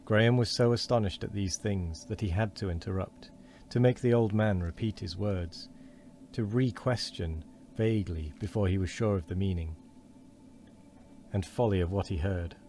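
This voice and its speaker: Low, mellow male reader, calm book narration; faint hiss. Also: normal speed. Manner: calm, occasional slips and restarts. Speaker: streamer reading aloud. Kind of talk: unhurried book reading.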